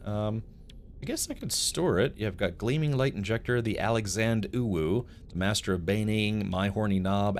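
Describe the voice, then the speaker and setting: A man's voice: lowish voice, a bit bright, a little hiss or hum. A man streaming a game live, chatting casually with his chat and telling rambling stories with frequent laughs. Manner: rambling storyteller, laughs often, talks to chat.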